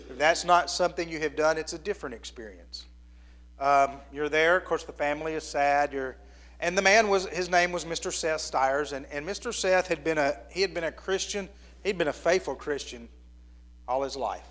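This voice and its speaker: A man in his fifties preaching to his congregation with a slightly raised pitch. He talks plainly and conversationally, like he is sharing a personal story. At the most tender points his voice sinks to a hushed near-whisper. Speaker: pastor. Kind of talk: sermon.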